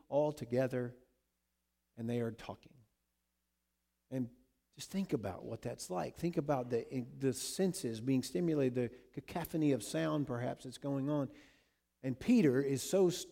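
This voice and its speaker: A male preacher with a gravelly, mellow voice. He delivers his sermon with dramatic swings, rising to loud emphasis and then dropping to hushed, repeated words. His voice stays at a middle pitch throughout. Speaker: pastor.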